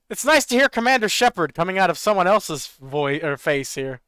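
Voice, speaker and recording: A man streaming a video game, joking and reacting excitably in casual commentary. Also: high-pitched, a little fast, few pauses, clean tone, no echo. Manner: excitable, joking, laughs often.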